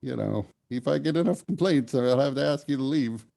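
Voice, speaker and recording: Guy doing a chill polite tavern keeper, mellow low tone, gentle warning vibe. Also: brisk, gravelly, close to an everyday voice. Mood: mild warning. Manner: mild, reasonable, gently warning. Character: innkeeper Brass, a calm, polite tavern keeper.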